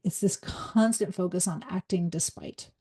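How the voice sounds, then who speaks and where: A middle-aged woman, a leadership coach and former psychologist, giving a live workshop talk in a fast, direct, energetic way. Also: fairly low pitch, breathy edge.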